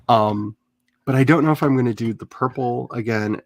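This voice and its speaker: A middle-aged man hosting a writing livestream, chatty and animated, with quick laughs and dramatic asides. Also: medium pitch, dry recording. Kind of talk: casual livestream chat.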